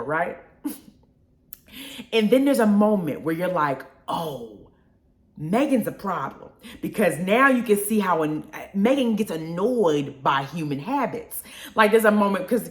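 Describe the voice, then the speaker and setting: Young woman, radio host, lively pitch, echoey room, laughs a lot. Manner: animated, laughs often, repeats words. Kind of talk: casual live radio talk. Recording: roomy echo.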